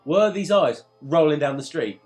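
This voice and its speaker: High bouncy male co-host, jokey outbursts, faint music behind. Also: moderate pace. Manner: excitable, jokey interjections. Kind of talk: comedic banter.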